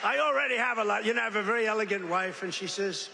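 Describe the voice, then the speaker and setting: An older man speaks off the cuff at a political rally, his rather high voice rambling between boasts and mocking jabs. His voice carries a long reverb from the big venue, with a faint hum of background noise behind it. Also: quick pace, gravelly, hardly any pauses, sharp tone.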